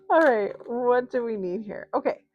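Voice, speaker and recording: A woman's voice: a little high, muffled recording. A woman giving a casual spoken tarot reading, chatty and rambling, with many fillers and asides. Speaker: tarot reader.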